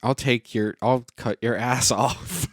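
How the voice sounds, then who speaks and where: Teasing, crude podcast co-host. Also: male voice, medium pitch, fairly even intonation, no room sound. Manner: teasing, crude jokes, quick interjections. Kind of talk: casual chat.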